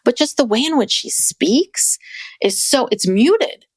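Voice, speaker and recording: A woman co-hosting a podcast in casual chat, animated and laughing, often mimicking others. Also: on the high side, unhurried, slightly rough, no echo, clean studio sound. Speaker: podcast co-host.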